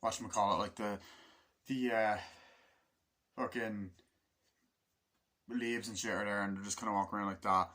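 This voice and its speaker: A man's voice: lowish voice, fairly even intonation, normal speed, pauses often, bright, forceful tone. Rambling, profane man reviewing a film. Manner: rambling, full of fillers and profanity, laughs often. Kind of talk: casual film review monologue.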